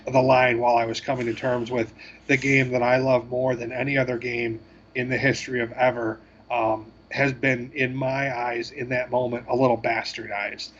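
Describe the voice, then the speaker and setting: Podcast guy rambling about games, mid pitch, dullish mic w a little hiss. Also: little pitch movement, fairly bright tone, muffled recording. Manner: rambling, self-deprecating, halting with fillers. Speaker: podcast co-host. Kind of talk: casual chat.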